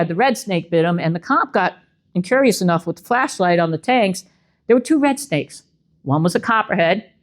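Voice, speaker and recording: A middle-aged woman, an animal control officer giving a humorous wildlife talk and acting out the animals in little voices. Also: fairly low pitch. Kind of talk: lively public presentation.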